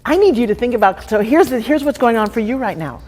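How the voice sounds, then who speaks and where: A woman coaching a participant live, blunt and profane, pushing hard and often shouting. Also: on the high side, animated, fast, husky. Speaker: transformational coach. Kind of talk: confrontational live coaching session. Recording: echoey hall with faint noise.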